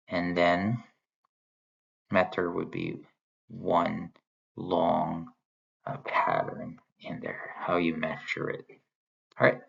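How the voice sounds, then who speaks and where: Slow deep-voiced man teaching, gravelly. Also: a bit bright. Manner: explains step by step, points at slides. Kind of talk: recorded lecture on poetry. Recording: dull lo-fi sound.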